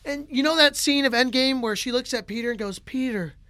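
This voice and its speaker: A man chatting on a podcast, telling a story with a bright, forceful edge and a lot of "like" and "right?". He sounds close to the mic in a dry space with no room sound. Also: very high voice, fast, clean tone, dry recording. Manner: animated storyteller, many fillers like "like" and "right?". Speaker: podcast co-host.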